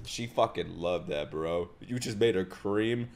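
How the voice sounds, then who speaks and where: A man watching an anime episode and reacting aloud, excitable and profane, laughing and shouting at the screen. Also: low-pitched, measured pace, over music. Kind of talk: live reaction commentary.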